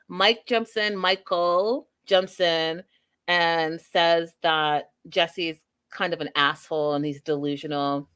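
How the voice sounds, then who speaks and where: A woman hosting a podcast, giving an animated, emphatic, chatty recap of a reality show. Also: on the low side, slow pace, smooth. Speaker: podcast host. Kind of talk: casual TV recap commentary.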